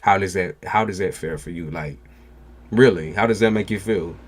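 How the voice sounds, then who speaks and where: Deep-voiced blunt man reading tarot. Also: moderate pace. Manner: blunt, casual, reassuring. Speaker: tarot reader. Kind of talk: live-stream tarot reading.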